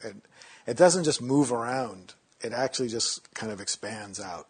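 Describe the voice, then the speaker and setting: A man teaching meditation in a relaxed, conversational way, sometimes acting out inner voices in a mocking tone. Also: medium pitch, moderate pace, breathy edge.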